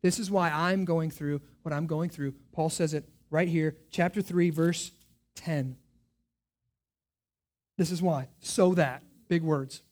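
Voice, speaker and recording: A man preaching a sermon as pastor, asking rhetorical questions and swinging from hushed lines to loud emphatic ones. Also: fairly high pitch, steady tone, slow pace.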